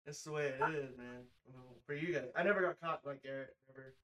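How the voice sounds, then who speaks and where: A man's voice: a little high, a little fast, a bit bright, far from the mic. A man chatting casually in brief, laid-back remarks. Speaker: podcast co-host. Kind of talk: casual chat.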